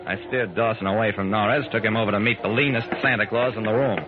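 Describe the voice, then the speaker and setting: A man's voice: lowish voice, fairly even intonation, fast talker, a crowd in the background, natural voice. An actor playing a wry private detective who narrates his own case, in 1940s radio acting style. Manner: dry, amused first-person narration. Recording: tinny old radio broadcast with hiss.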